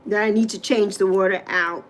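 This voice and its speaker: Her voice is medium in pitch, with fairly even intonation and a moderate pace. She's a livestream host with a New York accent, from the Bronx and raised on Saint Croix, casually reading comments and chatting with viewers by name in a rambling, friendly style.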